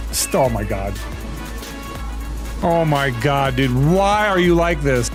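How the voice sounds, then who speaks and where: Exasperated man ranting over loud music. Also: on the high side, very animated, slow pace, long pauses. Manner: exasperated, ranting, playfully dramatic. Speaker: streamer. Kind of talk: live gaming stream chat. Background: loud music playing.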